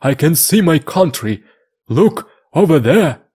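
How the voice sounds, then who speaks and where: A man's voice: mid-range voice, animated, slow, darkish tone. A man voicing an eager, loyal young island man from a storybook, speaking in earnest, emphatic exclamations. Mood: excited. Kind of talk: slow read-aloud of a storybook.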